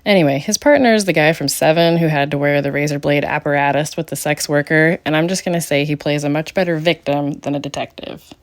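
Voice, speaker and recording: Recapping a terrible film on her podcast, a middle-aged woman keeps up a brisk stream of sarcastic jabs with hardly any pauses. She mocks the movie freely, and her pitch jumps abruptly upward for the punchlines.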